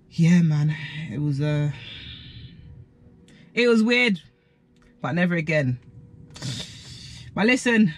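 A man's voice: mid-range voice, creaky, slight background noise. A young man, telling a story in slangy, chatty vlog style with quoted asides. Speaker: vlogger. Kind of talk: casual storytime.

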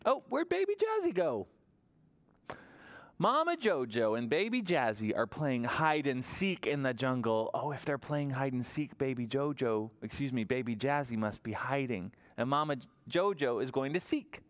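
A man reading a picture book aloud at a library toddler storytime, in an animated sing-song way and often asking the children questions. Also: mid-range voice, normal speed, hardly any pauses. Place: public library storytime room.

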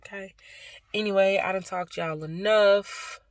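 A young woman talks casually to her viewers, calling them y'all with warm affection. Her voice has a gravelly, creaky texture, and she sounds worn out after work. The recording is dry and close, with no room sound. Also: on the low side, moderate pace, no echo. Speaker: vlogger. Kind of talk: casual vlog chat to viewers.

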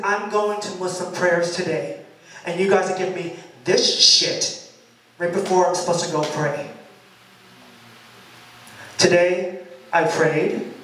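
Animated man telling a story in a roomy loft. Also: sits high. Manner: animated, dramatic retelling with quoted shouts. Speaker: singer telling a story before his song. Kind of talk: storytelling to a live audience. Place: party loft at a bookshop, live event. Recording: roomy, distant live-venue mic.

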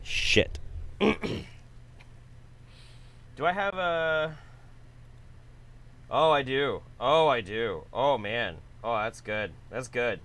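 A man's voice: medium pitch, drawn-out words, long pauses, a bit bright. A man doing sarcastic, mocking reaction commentary, swearing freely. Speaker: commentary YouTuber.

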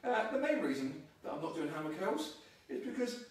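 A man's voice: on the high side, very animated, fairly quick. A male fitness trainer leading a live workout, upbeat and coaching, counting reps aloud. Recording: echoey room, mic far off.

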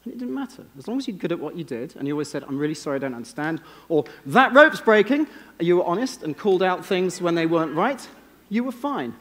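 English man, keynote speaker, dry self-mocking stories, slightly high voice, long hall echo. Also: sing-song, fast, a bit bright. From England. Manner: wry, self-deprecating storytelling. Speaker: conference speaker. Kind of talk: keynote talk. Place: conference stage. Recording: long reverb of a large hall.

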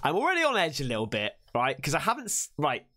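A man hosting a reaction video, jumpy and swearing freely, shouting when something startles him. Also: a little high, huge pitch swings, fast. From England. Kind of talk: excitable reaction commentary.

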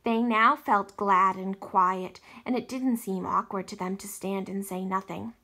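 Bright-voiced woman teacher reading aloud. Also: medium pitch, a little slow. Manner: expressive read-aloud with small slips.

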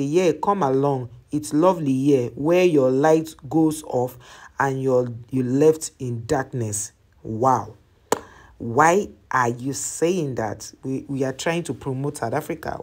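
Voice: mid-range voice, a little slow, darkish tone. Host chatting through viewer comments. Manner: chatty, reacts to each comment and explains it to the listener. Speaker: travel channel host.

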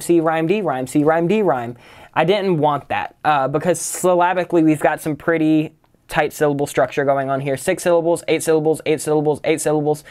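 A man's voice: on the high side, clear, resonant tone. A man teaching songwriting, casually walking through a song's lyrics line by line and explaining its rhymes and syllable structure. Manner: analytical, breaks lyrics down line by line; casual, uses "kind of" and "right?" often. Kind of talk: lyric-writing tutorial.

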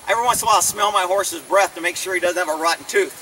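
A man with an unusually high, bright voice trains his horse, mocking and blunt in tone. The sound is distant, picked up outdoors with faint background noise. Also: very fast, hardly any pauses. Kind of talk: sarcastic training demonstration. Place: outdoors at a rural farm with a horse.

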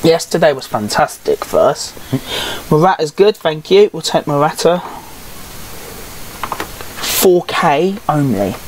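Brit lady gamer, slow and sarcastic, low voice that swoops up and down, curses plenty. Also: big pitch swings, darkish tone, a little hiss or hum, rough recording. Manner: grumbling, sarcastic, swears freely. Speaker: gaming YouTuber. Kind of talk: casual game commentary.

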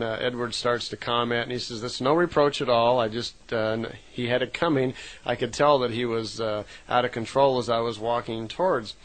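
Middle-aged man, informal storyteller, mid-pitched, loose delivery with fillers and self-corrections. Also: low-quality recording. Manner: relaxed retelling with frequent fillers and self-corrections. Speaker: lecturer retelling a contact story. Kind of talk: casual spoken storytelling.

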